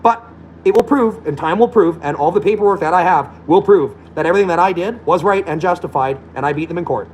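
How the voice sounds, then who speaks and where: Brief: blunt, combative guy on a profane rant, slightly high voice, faint noise behind. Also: quick pace, rough recording. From Alberta, Canada.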